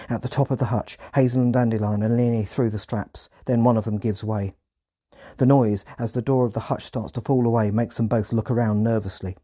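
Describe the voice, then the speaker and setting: A man narrating a scripted podcast in a measured, descriptive manner. His voice sits fairly low and sounds mellow and relaxed. He walks through each scene step by step. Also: husky.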